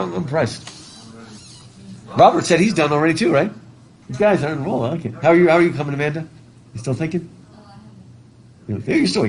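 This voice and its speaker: A man's voice: mid-range voice, poor audio. A male literature teacher talking casually and ramblingly to his class, laughing easily. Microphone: masked, recording his own class.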